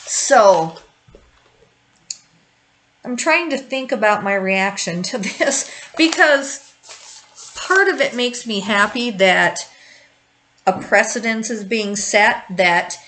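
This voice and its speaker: A woman's voice: mid-range voice, slow, long pauses, a bit bright, poor audio. A woman in her fifties hosting a grief-support video, talking candidly to the camera and rambling in circles with frequent restarts. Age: 50s. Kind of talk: candid personal talk to camera.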